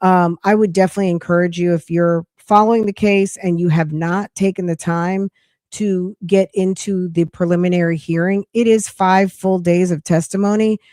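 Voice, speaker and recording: A woman's voice: mid-range voice, mellow, dry recording, studio quality. A woman hosting a casual live podcast chat, rambling with restarts and saying she is losing her voice. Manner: chatty, rambling with frequent restarts. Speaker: podcast host.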